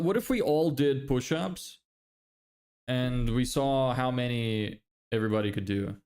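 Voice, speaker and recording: A young man talks loosely to his viewers on a livestream. His pitch sits in the middle range for a man. He swears freely and laughs often. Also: unhurried, darkish tone. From Ireland. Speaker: livestreamer and agency owner. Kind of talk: casual livestream chat reading viewer messages.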